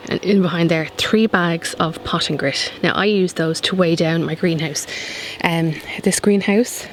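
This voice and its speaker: Low-voiced woman chatting in garden. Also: a little slow, rough recording. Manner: chatty, rambling, with many fillers. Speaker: gardening vlogger. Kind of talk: casual chat to camera. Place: outdoor back garden. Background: faint outdoor noise.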